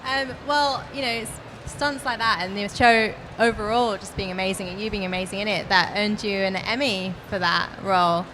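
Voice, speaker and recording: A woman interviewing a guest on a convention stage, asking relaxed questions with short reactions and fillers. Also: mid-range voice, normal speed, few pauses, slight background noise, rough recording.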